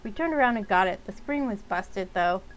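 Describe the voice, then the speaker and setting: A woman's voice: medium pitch, animated, normal speed, a little hiss or hum, poor audio. A woman playing a game, reading its text and rambling in casual, exasperated commentary. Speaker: game streamer. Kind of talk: casual let's-play commentary.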